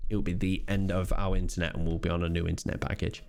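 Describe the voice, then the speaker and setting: A man's voice: sits low, level tone, fast talker, gravelly, darkish tone, clear, resonant tone. A man streaming a game, chatting casually with swearing and mock outrage. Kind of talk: casual live-stream chat while gaming.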